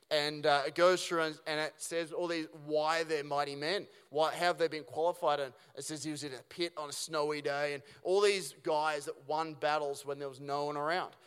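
A male pastor preaching a sermon in a relaxed, conversational way, full of rhetorical questions and restarts. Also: fairly high pitch, clean tone. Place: church auditorium. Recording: church hall with long reverb.

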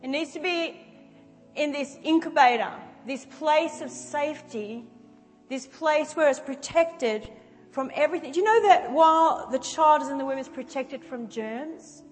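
A woman preaches in a conversational, animated way, acting out little scenes for her listeners. Her voice sits high, and it carries a long reverb from the hall. Soft music plays faintly underneath. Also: measured pace. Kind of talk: sermon. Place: church hall.

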